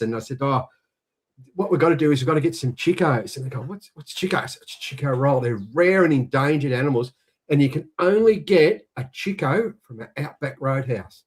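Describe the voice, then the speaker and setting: An Australian man in his sixties telling a jokey yarn in casual chat, animated when he quotes others. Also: medium pitch. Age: 60s. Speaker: co-host.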